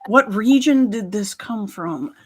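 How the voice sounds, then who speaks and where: A woman's voice: mid-range voice, lively intonation, takes it slowly, husky. A woman co-hosting a live stream, with a Carolina Southern accent, chatting casually and laughing often. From North Carolina. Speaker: co-host.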